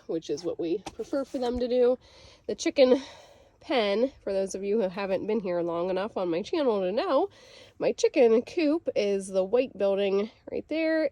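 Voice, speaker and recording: A woman's voice: medium pitch, animated, measured pace, dark tone. Chatty homestead lady filming herself outside, kinda breathless, laughs a lot, camera in hand. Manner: chatty, bubbly, laughs easily. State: slightly out of breath. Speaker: homesteading vlogger. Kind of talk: casual vlog walkthrough. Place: outdoors on a farm, by a chicken coop. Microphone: handheld camera.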